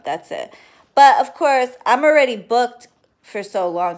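A woman doing readings and spell work, chatting casually and affectionately to her viewers on a livestream, swearing now and then. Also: medium pitch. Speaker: spiritual reader and spell worker.

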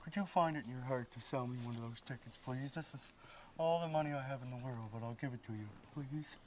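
An actor playing a gentle, excitable trailer park man who pleads earnestly. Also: mid-range voice, fast, a little hiss or hum, close to an everyday voice, rough recording. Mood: pleading.

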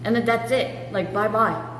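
A woman's voice: mid-range voice, normal speed, a bit bright. A woman streamer telling a story casually, mimicking the voices of other people as she retells it. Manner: chatty, mimics voices while retelling a conversation. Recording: echoey room with faint hum.

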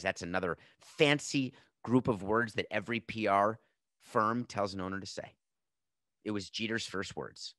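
A man's voice: on the low side, expressive, moderate pace, a bit bright, no room sound, studio quality. A man in his fifties hosting a sports podcast, giving opinionated commentary with emphatic, sarcastic rhetorical questions. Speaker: podcast host.

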